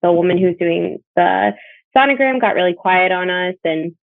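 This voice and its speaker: A young woman from Northern Virginia tells her story as a bereaved mother, speaking earnestly and reflectively in a conversational way and quoting others in dialogue. Her voice is on the low side and gravelly, at a normal speed. The recording is dry, over a tinny, phone-like line.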